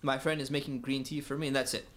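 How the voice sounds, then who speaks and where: A man from the United States telling a story in a casual, animated way, laughing often and acting out the dialogue. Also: mid-range voice, fast.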